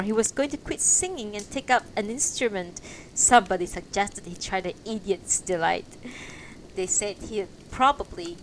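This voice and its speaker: A woman voicing a loud, cheerful middle-aged male painter with an upbeat, hearty way of talking, in a storybook reading. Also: mid-range voice, slight background noise, lightly acted, poor audio.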